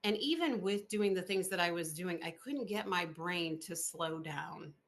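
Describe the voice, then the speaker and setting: A woman podcast host chatting in an interview, expressive and full of fillers, laughing often as she tells stories. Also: lowish voice, a little slow. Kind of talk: casual interview chat.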